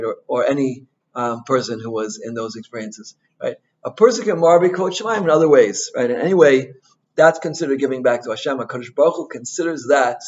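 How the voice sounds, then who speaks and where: This informal Torah talk comes from a male rabbi whose mid-range voice is captured in dull audio. He narrates with animation, uses Hebrew and Yiddish terms, and often tags on "right?".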